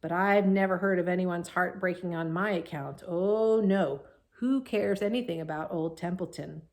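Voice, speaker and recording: A woman's voice: on the low side, normal speed, a little mellow, natural voice. A woman voicing a lazy, sarcastic male rat in a storybook reading, growling and mocking.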